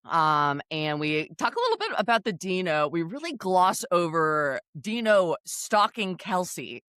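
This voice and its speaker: A woman on a recap podcast, chatting casually with a lively, swooping delivery and frequent laughter. She acts out quotes as she goes, in a slightly low voice with a dry, close sound. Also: unhurried, clean tone, no room sound. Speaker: podcast co-host.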